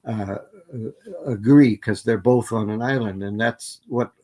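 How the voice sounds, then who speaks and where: A man's voice: fairly low pitch, a little slow, warm tone. An older man giving an academic plenary lecture, methodically listing word forms with frequent fillers and restarts. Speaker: linguistics lecturer.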